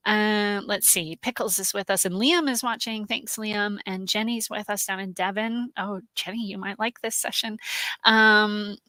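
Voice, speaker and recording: A woman hosting a live stream, chatting warmly and greeting viewers by name, with many "um"s, emotional and close to tears. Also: mid-range voice, dry recording. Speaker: host, genealogy research specialist.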